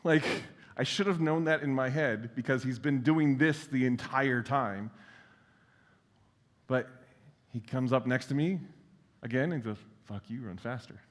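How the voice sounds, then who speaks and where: A man's voice: medium pitch, a little slow, long pauses. Casual male keynote speaker, echoing hall. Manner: casual and self-deprecating, with frequent fillers and blunt swearing. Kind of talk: conference keynote talk. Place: large conference hall. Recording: long reverb of a large hall.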